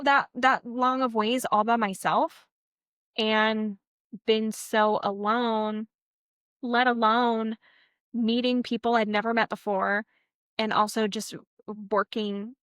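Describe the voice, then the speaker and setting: A woman's voice: fairly high pitch, steady tone, slow, pauses often, a bit bright, smooth, dry recording. A woman, a veterinary technician co-hosting a podcast, telling her story in a candid, earnest casual chat. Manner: reflective, encouraging. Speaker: podcast co-host.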